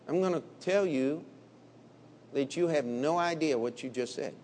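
Blunt, high-voiced male preacher in a reverberant hall. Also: normal speed, slight background noise. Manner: blunt, combative, swings from low murmurs to loud emphatic bursts. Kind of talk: sermon.

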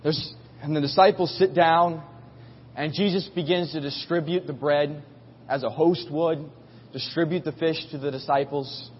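A man's voice: fairly high pitch, fairly even intonation, normal speed, a little hiss or hum. A man preaching a sermon as a pastor, telling the story in a casual, folksy way and acting out voices. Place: church. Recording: muffled recording in a reverberant hall.

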